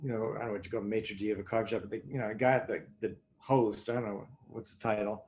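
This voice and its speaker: A man telling a story as a guest over a video call, wry and theatrical, with lively asides. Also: lowish voice, fast talker, slight background noise. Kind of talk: anecdotal storytelling.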